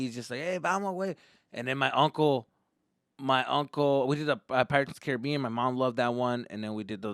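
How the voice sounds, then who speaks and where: A male comedian hosting a podcast, telling a comic story in an animated, profane way and acting out quotes. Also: medium pitch, clean tone, no echo, clean studio sound.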